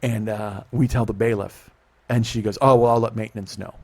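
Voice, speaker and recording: A middle-aged man, a podcast host, telling a profane, animated story in casual talk and acting out the dialogue. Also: fairly low pitch, brisk.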